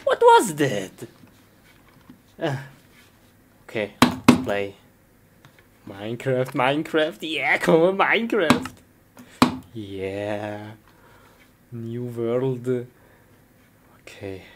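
Excitable low-voiced woman in a noisy comedy skit. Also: drawn-out words, long pauses. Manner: excitable, bursts into shrieks and giggles.

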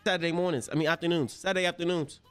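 A young man hosting an anime reaction video, talking in excitable, slangy, profane bursts, often laughing and yelling. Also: on the high side, rapid-fire, clear, resonant tone, soft background music. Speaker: anime reaction channel host.

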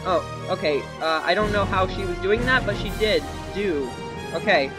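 A man's voice: high voice, normal speed. A young man chatting through a game for his channel, rambling and joking at himself, with nervous yelps for help. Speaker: gaming YouTuber. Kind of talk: casual let's-play commentary. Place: home computer desk. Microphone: desk microphone. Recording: faint game music behind.

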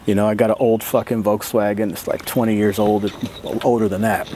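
A man's voice: on the low side, flat delivery, fairly quick, mellow, slight background noise. A man vlogging in a casual, profane storytelling manner, laughing often as he talks.

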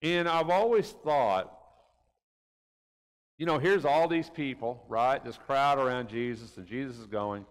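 In a reverberant church room, a man teaches a conversational Bible class in a folksy way. He keeps tagging his points with rhetorical questions like "right?" and "didn't he?". His voice is medium-pitched, clean and a little slow.

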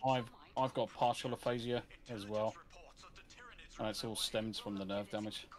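Man, lowish voice, blunt and sweary gaming banter. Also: fairly even intonation, normal speed. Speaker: co-op gamer. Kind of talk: casual gaming chat.

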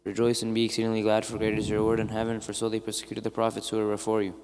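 A man reading a Gospel passage aloud in a church service at a brisk, even pace. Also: fairly low pitch, long reverb tail, noisy background. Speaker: Gospel reader. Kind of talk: scripture reading.

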